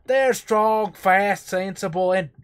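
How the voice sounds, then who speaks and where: A man voicing a gruff male monster hunter in a shaky, put-on Cockney accent that slips toward Southern American. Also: high voice, takes it slowly, voice pushed up. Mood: boastful. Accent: attempted Cockney.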